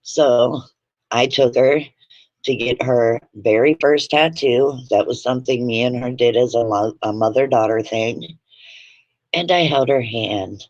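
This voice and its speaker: A woman's voice: very deep voice, measured pace, a little mellow, no room sound. A woman hosting a livestream at home, telling stories in a blunt, profane, chatty way. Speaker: livestream host. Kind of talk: casual livestream storytelling. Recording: dull dry lo-fi livestream audio.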